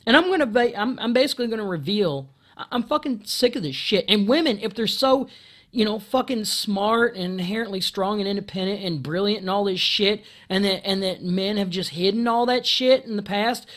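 A video commentator with a high voice rants angrily and profanely into a camera, talking a little fast. He stumbles over restarts, often clears his throat and breaks into loud outbursts.

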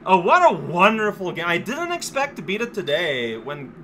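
A man giving casual gameplay commentary as a let's play host, rambling and goofy with excitable bursts. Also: sits high, normal speed, a little hiss or hum. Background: game music.

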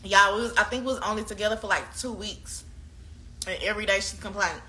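A woman's voice: medium pitch, fairly quick, sharp tone. A young woman being interviewed, venting heatedly about a breakup, swearing freely and hammering the same points over and over. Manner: heated, profane, repeats her points.

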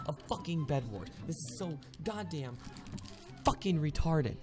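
A man's voice: fairly high pitch, lively intonation, moderate pace, music in the background. A man ranting furiously over his gameplay at home, swearing constantly and stammering through restarts. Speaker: gaming video creator. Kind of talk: gameplay commentary rant.

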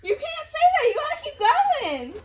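A woman's voice: very high voice, huge pitch swings, normal speed, very noisy. A young woman bantering with her father at home, bossy and teasing as she directs the filming. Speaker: vlogger's daughter. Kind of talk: casual family banter.

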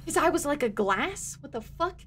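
A woman streaming a video game, giving excitable casual commentary with lots of laughing, yelps and swearing. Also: high-pitched. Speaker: gaming streamer.

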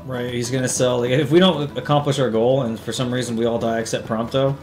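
A man's voice: mid-range voice, fairly even intonation, a little fast. A young man doing casual, profane, sarcastic commentary while playing a video game. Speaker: let's play host. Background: game music.

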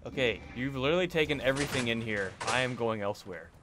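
A man's voice: medium pitch, expressive, quick pace, very noisy. A man chatting casually and joking with friends while playing a game. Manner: joking, laughs often. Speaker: gamer on a livestream. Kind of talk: casual gaming chat.

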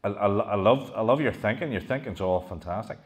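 A middle-aged man with a very low voice, lecturing a live audience. He talks with animation, throws questions out to the listeners and keeps doubling back on his own phrases. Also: brisk, muffled recording. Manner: animated, rhetorical questions, frequent restarts. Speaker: lecturer giving a museum talk. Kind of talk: public history talk to an audience.

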